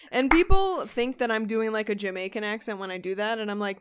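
A woman's voice: mid-range voice, brisk, hardly any pauses, clean tone. A woman co-hosting a podcast in casual banter, joking, swearing and laughing often. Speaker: podcast co-host.

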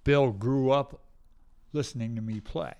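A man's voice: medium pitch, measured pace, dark tone, clean tone. Older man telling rambling stories. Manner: rambling anecdotes acting out quoted voices. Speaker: guest musician. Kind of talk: casual storytelling interview.

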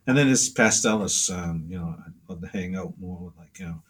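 Speaking briskly in a low, slightly rough voice, a pastel artist tells loose, wandering stories as a casual interview guest. Fillers pile up, and he acts out the lines of people he mentions.

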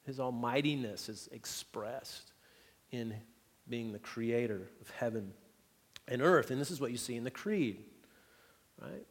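A pastor preaches in an easygoing, conversational way, mixing light humor with rhetorical questions to his congregation. His voice sits at a middling pitch for a man. The sound rings out with the long reverb of a large church hall. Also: a little slow, long pauses. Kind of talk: sermon.

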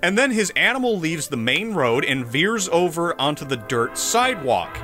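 Male podcast co-host, animated comic storyteller, bright tone, faint music underneath. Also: on the high side, moderate pace. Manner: animated, laughing, profane. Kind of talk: casual comedic storytelling.

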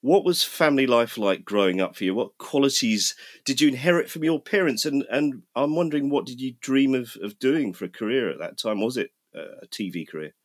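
A man hosting an interview, asking questions in a gentle, sympathetic way. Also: medium pitch, expressive, a little fast, hardly any pauses. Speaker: interviewer, host.

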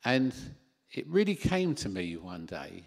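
A man preaching a sermon into a handheld microphone in a church hall, animated, with self-deprecating asides. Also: on the low side, unhurried, gravelly.

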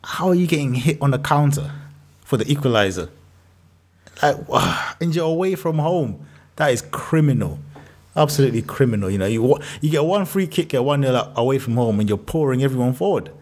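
A man co-hosting a football podcast in casual banter, animated and exasperated, laughing often. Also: mid-range voice, a little fast. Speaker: podcast co-host.

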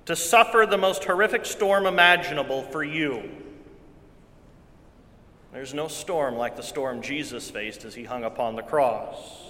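Man preaching a sermon, fairly bright voice, earnest and repetitive, recorded in a reverberant church hall. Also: medium pitch, measured pace. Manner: earnest preaching with repeated phrases, swings from loud to hushed. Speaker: pastor.

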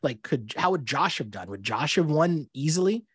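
Casting: man, higher-pitched and husky, dry close sound, lively casual podcast co-host who laughs a lot. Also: normal speed, no echo. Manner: animated, laughs often, acts out quotes in mock voices. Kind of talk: casual chat recapping a reality show.

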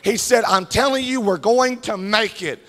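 A male pastor preaching a sermon with fervent, shouted peaks and many "uh" fillers. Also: high-pitched, moderate pace. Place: church sanctuary. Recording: echoey hall reverb.

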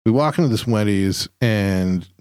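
A man with a low voice chats loosely on a podcast, full of "like" and "you know", and swears when a story gets going. He sounds close to the mic in a dry space. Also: animated, a little slow, a little mellow, clear, resonant tone, no echo. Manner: loose, filler-heavy talk, swears in anecdotes. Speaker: podcast co-host. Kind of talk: casual chat.

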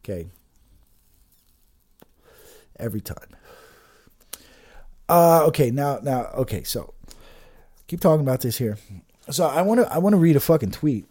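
A political commentator delivers an agitated, ranting monologue in a dark-toned, mid-range male voice. His profane tirade is full of restarts and swearing.

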